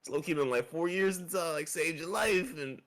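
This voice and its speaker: A man's voice: a little high, lively intonation, moderate pace, a bit bright. A man co-hosting a casual chat show, laughing and acting out quotes as he retells scenes. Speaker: podcast co-host.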